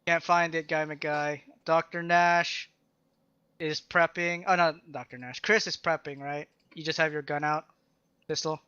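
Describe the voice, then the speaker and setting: Guy running a tabletop game, bright crisp voice, kinda dull dry mic, lots of uhs. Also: fairly high pitch, steady tone, dry recording. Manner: casual, halting, many fillers and restarts. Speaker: game master.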